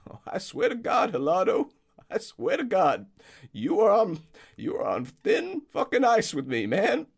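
A man voicing a furious, foul-mouthed old male groundskeeper who shouts and swears in a high, strained voice. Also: huge pitch swings, measured pace, creaky, slightly rough, full character voice. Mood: exasperated.

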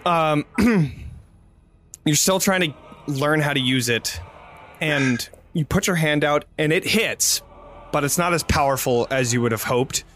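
A man running a tabletop role-playing game as game master, describing scenes in a measured way. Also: on the high side, a bit bright.

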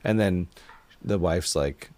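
A man's voice: deep voice, slow pace, darkish tone. A man hosting a podcast, telling a rambling story in casual chat and acting out the quotes as he goes. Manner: rambling storyteller, acts out quotes, laughs often. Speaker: podcast host.

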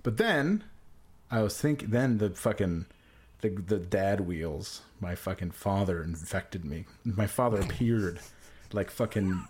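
A man's voice: low-pitched, lively intonation, slow, darkish tone, breathy edge. Man, podcast host, casual storytelling, profane, rambling, self-mocking. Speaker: podcast host and amateur comedian.

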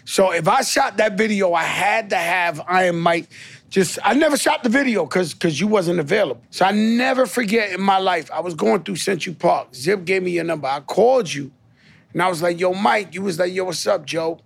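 A man's voice: high voice, animated, a little fast, creaky, a bit bright. A man, a podcast guest, telling boisterous stories in casual chat, swearing freely and acting out quotes. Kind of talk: animated storytelling in casual chat. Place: studio.

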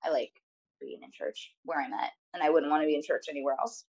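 A woman's voice: low voice, very animated, quick pace, darkish tone, husky, dull audio. A young woman guest on a podcast, talking casually in a rambling, hesitant way with many fillers. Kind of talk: casual chat.

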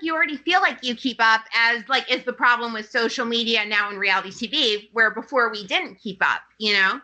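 High bright excitable woman guest. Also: rough recording. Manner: excitable, rambling, lots of "like" fillers. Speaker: podcast guest. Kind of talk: casual chat.

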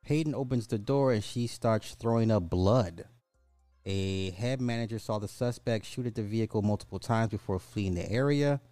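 A man's voice: on the low side, normal speed, dark tone, no echo, faint music behind. A man hosting a podcast, reading news stories aloud and adding mocking asides in a casual way. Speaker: podcast host. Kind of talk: casual social commentary.

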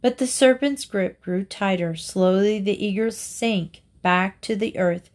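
A woman narrating classic fables aloud for listeners. She reads slowly and deliberately, pausing to give each moral its weight. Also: mid-range voice, a little mellow. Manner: slow, deliberate reading aloud. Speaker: reader. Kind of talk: storybook narration.

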